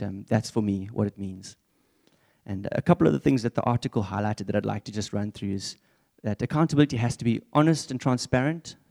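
Young male preacher, relaxed warm timbre, earnest and chatty. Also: lowish voice, gravelly. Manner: earnest, conversational, candid. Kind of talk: church sermon.

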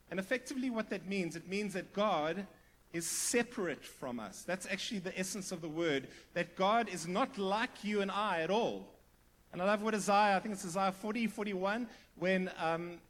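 Male pastor, high voice, sermon delivery that turns emphatic and questions the congregation. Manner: emphatic, rising to near-shouted repetition.

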